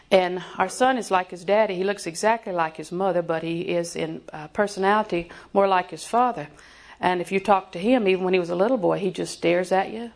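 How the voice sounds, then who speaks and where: A woman in her sixties preaches a sermon in a folksy, joking way, at times dropping to a hushed voice for emphasis. Her voice is medium-pitched and gravelly.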